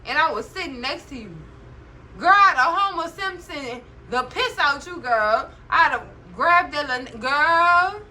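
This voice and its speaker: High, bright-voiced woman recapping TV. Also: a little hiss or hum, poor audio. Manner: chatty, animated, constantly says "girl"; laughs often while talking. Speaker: TV recap host. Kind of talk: casual TV recap commentary.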